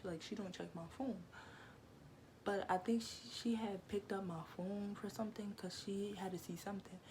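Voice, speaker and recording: A woman's voice: medium pitch, fairly even intonation, normal speed, darkish tone, slight background noise. A young adult woman vlogger telling a storytime to camera in slangy, playful speech, teasing her viewers. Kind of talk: casual storytime monologue to camera.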